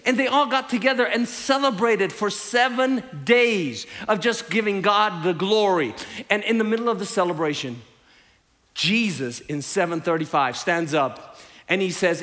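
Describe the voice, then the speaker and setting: Bright-voiced Southern preacher. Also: male voice, high voice, moderate pace. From Tennessee. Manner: animated storytelling, playful asides. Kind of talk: lively sermon. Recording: reverberant hall.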